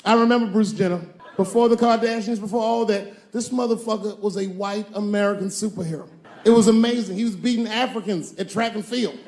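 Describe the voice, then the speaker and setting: A man in his forties performs stand-up, his voice sitting fairly high for a man. He talks to the crowd in a loose, profane, conversational way. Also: steady tone, fairly quick, darkish tone. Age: 40s. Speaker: stand-up comedian. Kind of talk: stand-up comedy. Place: comedy stage before a live audience.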